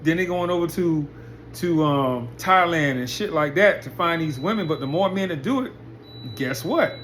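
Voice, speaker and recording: With lively intonation and a somewhat bright, higher-than-usual male voice, a commentary host rattles off rhetorical questions in a profane, blunt monologue at normal speed. A faint hiss sits beneath it.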